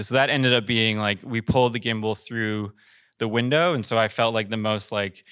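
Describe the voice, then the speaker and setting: A man's voice: lowish voice, moderate pace, fairly bright tone, clean tone, no room sound, studio quality. A man directing commercials, telling a rambling, filler-heavy story on a panel in a theater. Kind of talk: casual panel talk.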